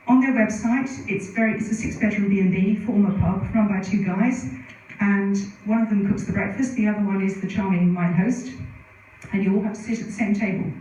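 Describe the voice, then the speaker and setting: The audio is dull, with a little hiss or hum, and was captured from far off in a very echoey conference hall. There, a middle-aged woman with a mellow, medium-pitched voice gives a presentation, chatting through anecdotes with many asides.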